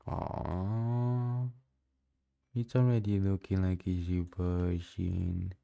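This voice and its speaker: A young day trader streams live in a deep, warm voice with vocal fry, speaking a little slowly with fairly even intonation. English is his second language, and his commentary is casual and slangy, with "bro" coming up often.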